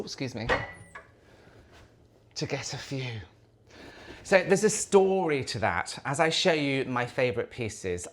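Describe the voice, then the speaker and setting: A man's voice: medium pitch, a bit bright. A man chatting casually to camera as a lifestyle vlogger, effusive and chatty, in the kitchen of an old house.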